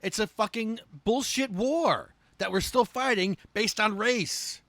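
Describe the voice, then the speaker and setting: A man hosting a podcast, ranting in a casual, profane and animated way. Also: sits high, measured pace, no echo. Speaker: podcast host.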